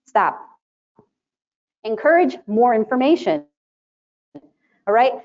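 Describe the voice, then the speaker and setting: Animated woman presenter, dull lo-fi sound. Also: on the high side, slow pace. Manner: animated, chatty, laughs often, acts out quotes. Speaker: conference presenter, sterile processing educator. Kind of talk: live presentation to an audience. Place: conference room with a live audience.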